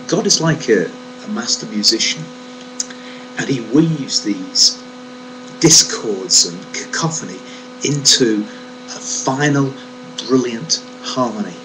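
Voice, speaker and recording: Male Bible teacher, animated emphatic delivery with rhetorical questions, recorded with a steady hum behind. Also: lowish voice, unhurried. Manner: emphatic, rhetorical questions, stresses key words. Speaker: Bible teacher giving a short devotional. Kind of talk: reflective devotional talk. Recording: steady mains hum under the voice.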